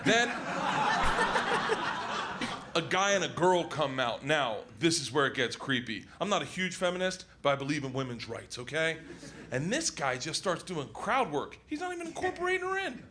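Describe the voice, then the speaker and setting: A man's voice: a little high, animated, moderate pace, sharp tone, a little hiss or hum. Rowdy, profane stand-up comedian, man. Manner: rowdy, profane, laughing through the story. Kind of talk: stand-up storytelling.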